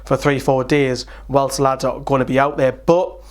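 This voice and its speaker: A man's voice: medium pitch, little pitch movement, moderate pace. A young man hosting a fan channel, chatting casually through a rambling update while tired.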